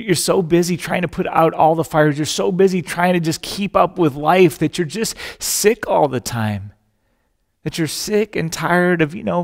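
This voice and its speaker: Pastor guy preaching, kinda high gravelly voice, long hall echo, jokey stories. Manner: storytelling with jokes, acts out voices in quotes. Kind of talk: sermon.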